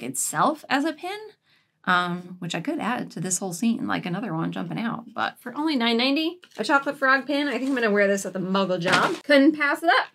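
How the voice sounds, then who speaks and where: A woman's voice: a little high, fairly bright tone. A woman vlogger chatting casually at home while showing off a shopping haul, giggling and cooing baby talk at her cats.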